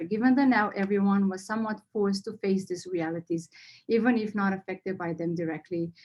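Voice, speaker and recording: A woman's voice: mid-range voice, darkish tone, rough recording. A woman leading a nonprofit, giving an earnest, heartfelt annual meeting speech and fighting back tears. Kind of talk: emotional speech to members.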